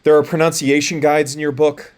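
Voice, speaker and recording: Man giving a halting recorded lecture. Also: on the high side, flat delivery, a little mellow, clear, resonant tone. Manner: plain, explanatory, spells out letters with many restarts and fillers. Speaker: college lecturer.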